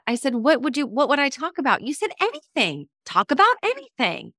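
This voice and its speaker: A woman co-hosting a podcast as a coach, telling stories in a lively way and acting out quoted dialogue. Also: sits high, fairly quick, few pauses, dry recording, studio quality. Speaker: co-host and coach. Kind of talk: casual podcast storytelling.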